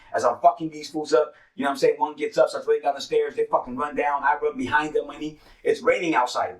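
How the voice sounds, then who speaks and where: A man's voice: a little high, fairly bright tone, reverberant, distant mic, rough recording. A man casually telling a street story as host, cursing freely and dropping streetwise slang. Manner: profane, streetwise slang, repeats "money" as a filler.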